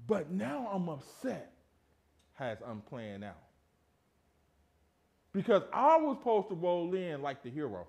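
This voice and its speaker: Emphatic preaching man, lively pitch. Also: a little slow, vocal fry, pauses often. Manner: emphatic, rhetorical questions, swings from loud to hushed. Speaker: pastor. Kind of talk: sermon. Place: church sanctuary.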